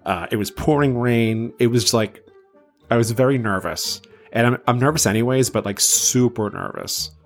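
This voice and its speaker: A man's voice: medium pitch, normal speed, soft background music. A man in his thirties, from south of Boston, hosting a podcast and telling a story in a chatty, self-deprecating way with many fillers. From south of Boston, USA. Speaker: podcast host.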